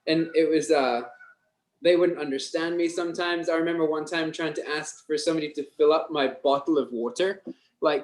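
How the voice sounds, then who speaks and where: A man's voice: fairly high pitch, fairly quick, low-quality recording. A Scottish man in his thirties chatting as a podcast guest. He tells stories at an easy pace and chuckles often. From Scotland. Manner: relaxed, chuckling storyteller. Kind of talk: casual podcast chat.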